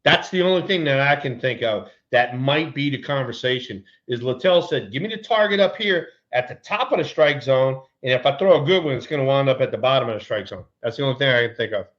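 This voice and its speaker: A man's voice: medium pitch, fast talker, hardly any pauses, dull audio. A man co-hosting a casual baseball chat, telling stories with lots of laughter and energy. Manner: animated storyteller, laughs often. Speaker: co-host, former ballplayer.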